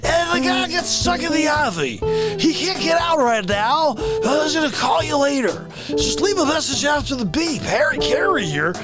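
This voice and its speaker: A man doing an impression of a rambling, boozy old male baseball announcer, with loud, drawn-out shouting. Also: very high voice, lively intonation, loud music behind the voice, pitched above the performer's own voice. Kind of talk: celebrity impression on a live comedy stream.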